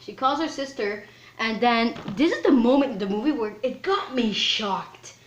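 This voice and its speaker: Rambling, excitable woman recapping a film. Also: fairly high pitch, moderate pace, muffled recording. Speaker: film reviewer. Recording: roomy echo.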